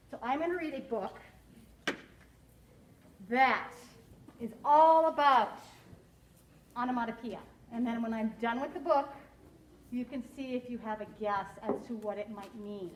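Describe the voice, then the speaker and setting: High-voiced teacher in an echoey classroom. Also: female voice, measured pace, pauses often, a little hiss or hum. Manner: playful, encouraging, sounds out words with relish. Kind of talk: classroom read-aloud of a picture book. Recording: roomy classroom echo.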